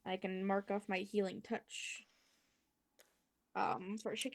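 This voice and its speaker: A woman playing a tabletop game, unhurried and hesitant with fillers. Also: medium pitch, flat delivery. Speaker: player. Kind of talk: casual chat at a tabletop game.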